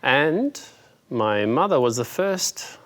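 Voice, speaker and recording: A man with an Australian accent, answering interview questions in a relaxed, easygoing way. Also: mid-range voice, slow pace. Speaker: guest, actor and stuntman.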